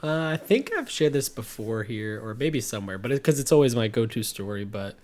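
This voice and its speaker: A man in his twenties telling a story in casual podcast chat, calm and collected. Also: mid-range voice, a little fast. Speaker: podcast co-host.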